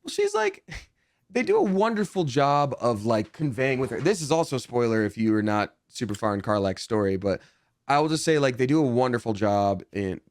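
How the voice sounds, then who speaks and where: A young man with a mid-pitched voice tells stories in a lively, animated way, often jumping up in pitch to act out what people said. The sound is close and dry, with no room echo. It is a relaxed interview chat. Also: moderate pace. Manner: animated storyteller, acts out quotes, jumps in pitch. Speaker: guest, voice actor.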